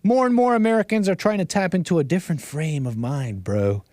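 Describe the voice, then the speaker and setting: A man voicing a laid-back young male stoner, reading in a low, mumbling drawl. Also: brisk, a little mellow, no room sound, studio quality, natural voice. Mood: dopey, drawling. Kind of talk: mock reading and impression on a livestream.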